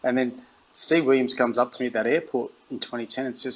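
A middle-aged Australian man tells stories in a relaxed interview. He acts out other people's lines with animation and restarts his sentences often. His voice sits at an ordinary medium pitch. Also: quick pace, few pauses, low-quality recording. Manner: animated anecdotes, acts out quoted dialogue, frequent restarts. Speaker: interview guest, former rugby captain. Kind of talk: casual storytelling.

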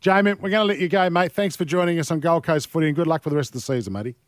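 A man's voice: a little high, racing, no echo. A man hosting a sports radio show from a studio, teasing his guests in upbeat banter. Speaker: radio host.

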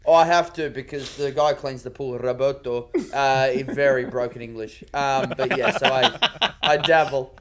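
A man's voice: mid-range voice, fairly even intonation, normal speed, over a noisy crowd. A man in casual podcast chat, joking and laughing often. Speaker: podcast panelist.

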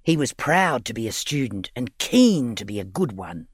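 A man narrating a children's audiobook story in an expressive, playful reading. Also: mid-range voice, moderate pace, slightly rough, dry recording, clean studio sound.

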